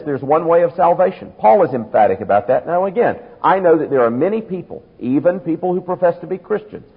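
A man's voice: mid-range voice, husky. A man preaching an expository sermon, emphatic and reasoning aloud with rhetorical questions. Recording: tinny, phone-like sermon recording in a reverberant hall.

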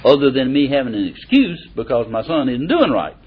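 Folksy, animated man preaching, lo-fi. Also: medium pitch, fairly quick. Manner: folksy and animated, reads verses aloud with emphasis. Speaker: preacher or Bible teacher. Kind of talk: conversational sermon. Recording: dull lo-fi recording.

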